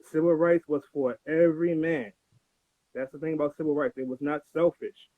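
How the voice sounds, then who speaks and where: A man's voice: on the high side, steady tone, normal speed, no echo. A man from the United States calling in to a live stream, talking in a hesitant, rambling way. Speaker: caller. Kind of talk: casual call-in talk. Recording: tinny phone-like line.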